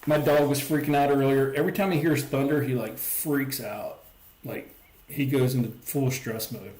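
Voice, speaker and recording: A man chats loosely to his livestream viewers, wandering through his thoughts with plenty of "like" and "um". His voice sits at an ordinary middle pitch. The sound carries a noticeable roomy echo from his home setup. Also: steady tone, normal speed, a little mellow, slight background noise. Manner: rambling, lots of "like" and "um". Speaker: livestream host. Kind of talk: casual livestream chat.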